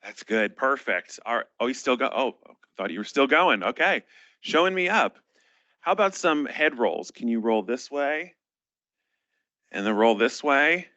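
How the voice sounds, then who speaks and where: A man's voice: mid-range voice, sing-song, a little slow, bright, forceful tone, no echo, highs cut off. A man hosting a children's health event, leading a playful exercise break. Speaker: host.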